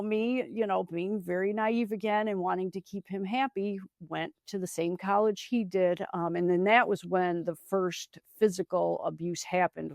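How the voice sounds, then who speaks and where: Lowish woman w gravelly fry, reflective, lots of "you know"s, dry close mic. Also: dry recording. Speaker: podcast guest. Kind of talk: personal storytelling in an interview.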